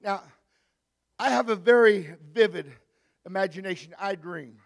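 A man preaching a sermon in a church, rising to shouted, drawn-out climaxes between joking asides. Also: high-pitched, gravelly. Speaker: pastor. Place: church hall. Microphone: handheld mic.

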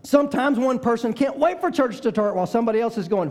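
An older man with a high voice delivers a sermon. He climbs into shouted, fervent appeals, then eases down into soft, conversational stories about his family. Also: very animated, fast talker, hardly any pauses. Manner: preaching that swells to shouting, then drops into soft storytelling. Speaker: pastor. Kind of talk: sermon with storytelling.

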